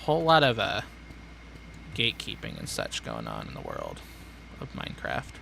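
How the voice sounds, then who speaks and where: A man's voice: sits low, wildly swooping pitch, moderate pace, creaky, noisy background. A young man streaming a building game, rambling sardonically and talking to himself. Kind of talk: casual gameplay chatter.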